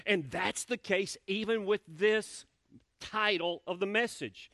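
A man's voice: sits high, takes it slowly, a bit bright, no echo, clean studio sound. A male pastor preaching a sermon in a church, talking conversationally, repeating words and asking the congregation questions. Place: church sanctuary.

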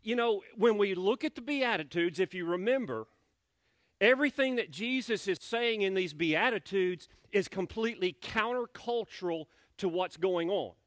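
A man's voice: sits high, animated, moderate pace, a bit bright, no echo, clean studio sound. A male pastor preaching a sermon in a church, talking conversationally, repeating words and asking the congregation questions. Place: church sanctuary.

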